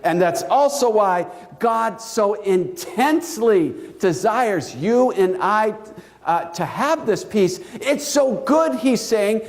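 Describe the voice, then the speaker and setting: Male pastor mid-sermon, high-pitched, deliberate pace, animated and joking. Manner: animated, playful, laughs at own jokes. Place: church.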